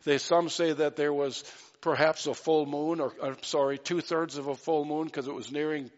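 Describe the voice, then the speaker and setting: A man's voice: on the high side, steady tone, normal speed. A man preaching a sermon in an earnest, emphatic way, with fillers and restarts. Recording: dull sound with long hall reverb.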